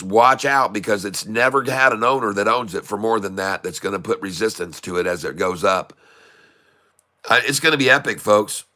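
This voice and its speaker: A man's voice: lowish voice, sharp tone. A middle-aged man from Florida giving folksy, showman-like live market commentary and greeting viewers by name. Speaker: day-trading streamer.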